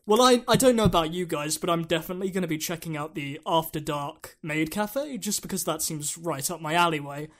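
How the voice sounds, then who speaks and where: Dry, deadpan teasing man. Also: on the high side, fairly quick, hardly any pauses. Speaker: podcast co-host. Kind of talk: casual podcast chat.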